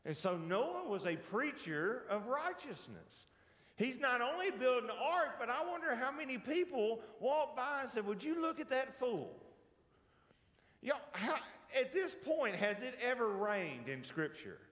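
A man's voice: very high voice, sing-song, unhurried, a bit bright, reverberant, big-room sound. A man with a Southern US accent teaching a casual church Bible lesson, folksy and joking, often putting questions to the class. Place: church hall.

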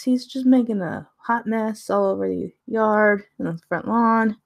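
A woman's voice: medium pitch, measured pace, creaky. Chatty woman gushing over tarot cards. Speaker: tarot reader reviewing a deck. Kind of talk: casual live-stream deck review.

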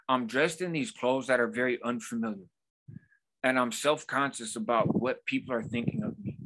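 A man's voice: medium pitch, sharp tone. A man in his forties hosting a vlog, telling a personal story in a casual, conversational way with frequent asides. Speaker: vlog host.

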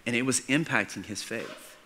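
A male pastor preaching a storytelling sermon, moving between hushed narration and excited emphasis. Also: medium pitch, normal speed, a little hiss or hum. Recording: church hall reverb.

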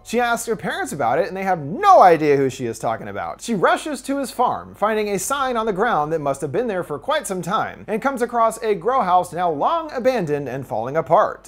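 Lively, wry woman narrating a film recap. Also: fairly low pitch. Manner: wry, irreverent asides.

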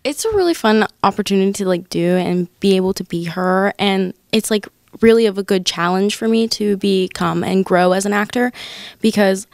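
A teenage girl, a high school actor, talking quickly and a little nervously about her role. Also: a little mellow, dry recording, clean studio sound. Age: teens. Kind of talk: casual interview answers.

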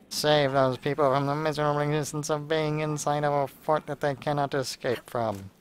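A man's voice: fairly high pitch, fairly even intonation, normal speed, slight background noise. A man giving casual, sarcastic, rambling commentary while playing a video game. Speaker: let's play host.

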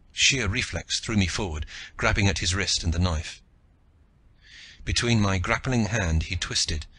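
A man narrating an audiobook in the first person with steady, forceful storytelling. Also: low voice, a little hiss or hum.

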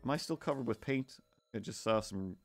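A man's voice: mid-range voice, fairly quick, faint music behind. Rambling sarcastic man storyteller. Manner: rambling, sarcastic, acts out quoted neighbors. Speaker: streamer. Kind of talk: casual rambling storytelling while drawing. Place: home art stream setup.

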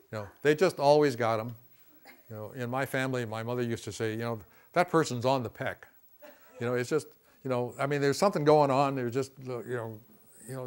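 A man teaching a class on communication, folksy and conversational, often saying "see" and "you know" and acting out quick quotes. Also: medium pitch. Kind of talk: classroom lecture.

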